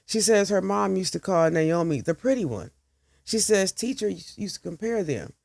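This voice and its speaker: A woman's voice: medium pitch, expressive, normal speed, gravelly, darkish tone, no room sound, clean studio sound. A woman podcast host telling a dramatic story in a sassy, profane, chatty way.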